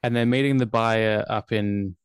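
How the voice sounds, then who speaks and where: A man's voice: on the low side, steady tone, moderate pace, clear, resonant tone, dry recording. A man with an Australian accent, co-hosting a podcast and recapping a film in casual chat with dry humor. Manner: chatty, wry film recaps with filler ums. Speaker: podcast co-host.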